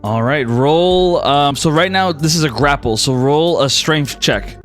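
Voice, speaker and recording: A man's voice: a little high, a little slow, a bit bright, faint music behind. Man narrating as game master.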